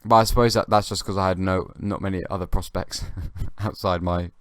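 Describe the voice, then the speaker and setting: Rambling young comedian, low voice. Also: male voice, fairly even intonation, fairly bright tone, clean tone, no room sound. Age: young adult. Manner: halting, wandering, dry. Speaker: comedian podcast host. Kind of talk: rambling comic monologue.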